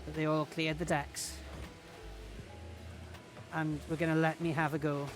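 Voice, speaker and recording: A man's voice: on the high side, flat delivery, unhurried, music in the background. A man chatting in a rambling, self-mocking way while commentating his own gameplay on a stream. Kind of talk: casual game-stream commentary.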